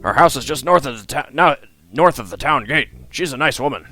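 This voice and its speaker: A man's voice: medium pitch, animated, brisk, sharp tone. A man voicing a genial old male guildmaster, a retired adventurer who reminisces in a chatty, friendly way over faint guitar music.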